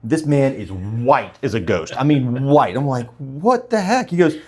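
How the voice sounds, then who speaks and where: A man hosting a casual podcast chat, telling a story with lively acted-out quotes. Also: mid-range voice, normal speed. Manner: animated storyteller, acts out quotes. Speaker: podcast host.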